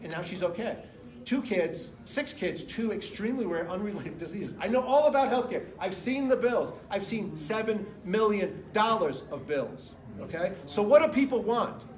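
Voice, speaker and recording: In an echoey room full of listeners, a middle-aged American man running for office speaks off the cuff at normal speed, his voice sitting high and animated. He rambles and stresses his points while hopping between anecdotes and figures.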